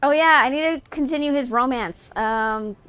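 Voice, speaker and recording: A woman streamer on a headset, reading game text aloud and reacting in an excitable, profane, giggly way. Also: high voice, moderate pace. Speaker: streamer playing a video game.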